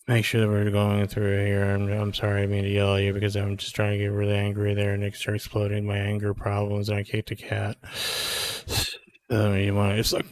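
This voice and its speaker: A man's voice: on the low side, a little mellow, a little hiss or hum. A man streaming a flight sim game, rambling and joking with lots of swearing. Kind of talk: casual gameplay streaming.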